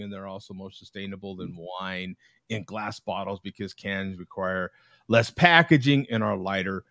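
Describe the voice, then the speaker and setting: A man's voice: fairly low pitch, a bit bright, dry recording. Chatty American man hosting a live show. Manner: chatty, laughs often, reads aloud haltingly. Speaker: host. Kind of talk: casual chat. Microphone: video call.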